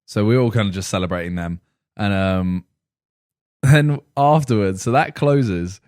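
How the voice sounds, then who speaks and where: A podcast co-host, a young man with a fairly low voice and measured delivery, rambles through an animated anecdote in casual talk, performing what others said. There's no room sound and the audio is studio quality.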